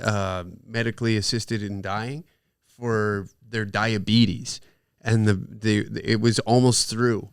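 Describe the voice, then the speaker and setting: A man's voice: fairly low pitch, vocal fry, clear, resonant tone, dry recording, studio quality. A man, a comedian guest on a podcast, joking crudely and swearing in casual banter. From Canada.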